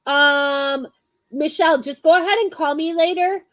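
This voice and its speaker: A woman's voice: sits high, measured pace, fairly bright tone, no room sound. A woman hosting a casual livestream, rambling with lots of ums and the odd swear word. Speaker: livestream host. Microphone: phone.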